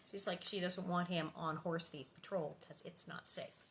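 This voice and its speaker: A woman's voice: lowish voice, moderate pace, vocal fry. Chatty woman reading a book aloud. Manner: chatty, rambling, animated asides. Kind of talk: casual livestream chat and book reading. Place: living room at home. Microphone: livestream setup.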